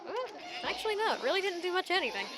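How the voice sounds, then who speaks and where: A woman's voice: very high-pitched, big pitch swings, quick pace, noisy background. A woman giving casual, playful gameplay commentary as a let's play host, giggling and making joking asides.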